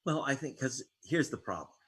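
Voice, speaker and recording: A man's voice: mid-range voice, sing-song, brisk, slightly rough. A man, an investigative reporter and author, being interviewed as a guest, talking in a wry storytelling way with sarcastic jabs. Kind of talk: interview conversation.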